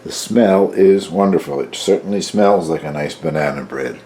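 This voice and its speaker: A man's voice: rumbling low, moderate pace, mellow, a little hiss or hum. An older man casually talking through baking a loaf at home, tasting it and commenting as he goes. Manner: easygoing, chatty, tastes and comments as he goes. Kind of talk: casual cooking demonstration.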